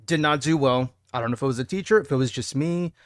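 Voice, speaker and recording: A man's voice: medium pitch, quick pace, no room sound, clean studio sound. A young man from Texas in casual, rambling live-stream chat, reading out viewer messages as he plays. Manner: rambling, chatty, reads chat aloud. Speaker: game streamer.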